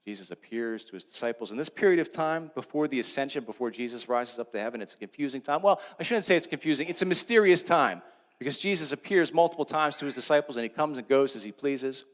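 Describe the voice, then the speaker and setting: A male pastor preaching a sermon, retelling a story with animated swings between loud, excited lines and hushed, low ones. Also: fast talker, in a large hall. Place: church sanctuary.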